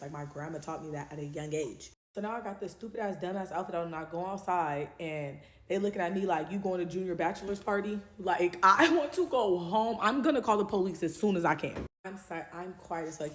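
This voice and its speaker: A woman casually telling a true story, animated and full of profanity and slang. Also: sits low, echoey room.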